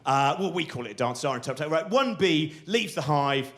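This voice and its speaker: A man's voice: a little high, lively intonation, brisk. A man in his forties doing live stand-up comedy, rambling and digressive with frequent tag questions. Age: 40s. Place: theatre stage before a live audience.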